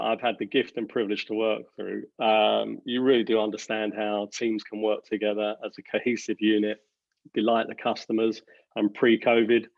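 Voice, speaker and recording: A company director giving earnest interview answers, halting with many fillers and restarts. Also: male voice, on the low side, no echo, lo-fi sound.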